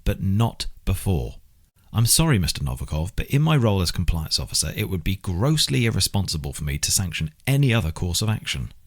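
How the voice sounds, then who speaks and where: A man's voice: deep voice, sing-song, fairly quick, exaggerated voice. A man reading an audiobook, voicing an anxious, earnest compliance officer who presses his point insistently. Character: anxious male compliance officer, expectant father.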